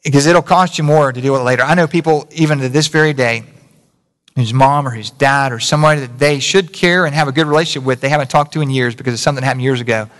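In a church sanctuary with a long, echoing reverb, a fast-talking pastor with a medium-pitched, fairly bright voice delivers a chatty sermon. Rhetorical questions and self-corrections run all through it.

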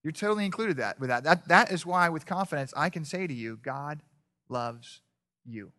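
A man preaching a sermon as a pastor in church, rising to loud exhortation and dropping to hushed storytelling, often repeating and restarting his words. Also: fairly high pitch, lively intonation, fast.

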